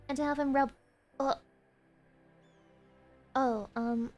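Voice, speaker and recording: A woman streaming a game playthrough, chatting excitably with loud outbursts and frequent laughter. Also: high-pitched, takes it slowly, pauses often, faint music behind. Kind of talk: live game playthrough chat.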